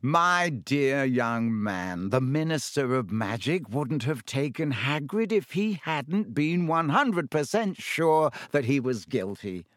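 A man voicing a pompous, self-satisfied male teacher who talks slowly and condescendingly in a storybook reading. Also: mid-range voice, big pitch swings, fairly bright tone, dry recording, studio quality. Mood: smug, patronising.

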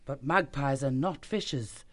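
An actor playing a firm, commanding badger laying out a plan in a full-cast audiobook. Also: male voice, mid-range voice, a little slow, no room sound, close to an everyday voice.

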